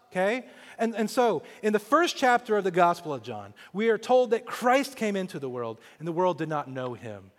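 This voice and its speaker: A man from Kansas in his forties, a pastor preaching a sermon in an animated way, often repeating words as he starts a thought. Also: high voice, moderate pace, long reverb tail. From Kansas, USA.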